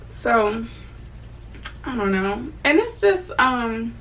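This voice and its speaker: A woman's voice: high-pitched, sing-song, takes it slowly, far from the mic, a little hiss or hum. A young woman venting candidly and casually to her viewers as she does her makeup, swearing freely. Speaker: vlogger. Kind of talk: casual get-ready-with-me venting.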